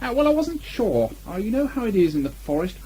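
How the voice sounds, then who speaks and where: A man voicing fussy Rabbit, high and prim. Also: big pitch swings, fairly quick, dark tone, slightly rough, exaggerated voice. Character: fussy cautious male rabbit. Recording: muffled old 1980 tape.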